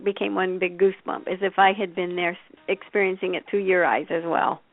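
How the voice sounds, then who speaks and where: A woman's voice: fairly low pitch, flat delivery, fairly quick. A woman telling stories as a guest in a radio interview, chatty and anecdotal. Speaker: intuitive reader, guest. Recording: dry, tinny phone line.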